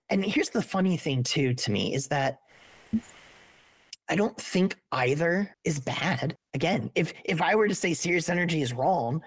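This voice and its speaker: A woman's voice: low-pitched, breathy edge, no room sound. A woman in her thirties co-hosting a podcast, talking in a thoughtful, reflective way, often restarting sentences and asking questions. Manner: thoughtful, asks many questions; frequent restarts, searching for words. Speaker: podcast co-host.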